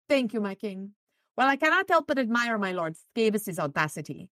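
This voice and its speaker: A woman's voice: medium pitch, fairly bright tone, no echo. A woman hosting a podcast, casually recapping a novel and reading quoted passages with light voices. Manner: reads quotes from the book with light voices, chatty asides. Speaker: podcast host recapping a book. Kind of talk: casual book recap with read-aloud passages.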